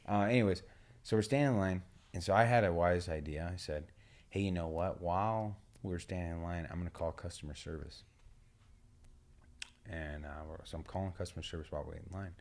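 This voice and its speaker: A man co-hosting a podcast, telling a rambling travel story in a relaxed way, swearing and laughing. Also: low voice, brisk. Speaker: podcast co-host. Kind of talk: casual storytelling chat.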